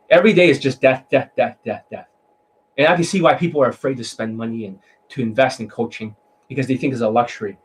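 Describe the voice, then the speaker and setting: A man's voice: medium pitch, low-quality recording. A man coaching on dating in a blunt, mocking monologue, swearing often and mimicking voices to make his points.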